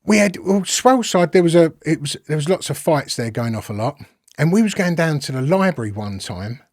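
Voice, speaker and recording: A man's voice: a little high, big pitch swings, brisk, a little mellow, no room sound, studio quality. A man, a podcast guest telling a rambling story that is full of swearing and acted-out dialogue. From London. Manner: rambling, swears freely, acts out quoted exchanges. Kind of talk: casual storytelling.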